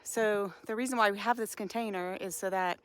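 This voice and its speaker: A woman's voice: medium pitch, steady tone, a little fast, no room sound. Breathless chatty woman vlogger. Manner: chatty, laughs often, carrying heavy chairs uphill. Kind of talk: casual vlog narration. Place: outdoors on a mountain lot.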